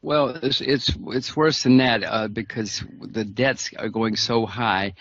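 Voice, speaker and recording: A man's voice: medium pitch, fairly even intonation, slow pace, a bit bright, dry recording. A man speaking as an interview guest, emphatic, restarting phrases and adding wry laughs. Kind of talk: interview conversation. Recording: dull dry lo-fi sound.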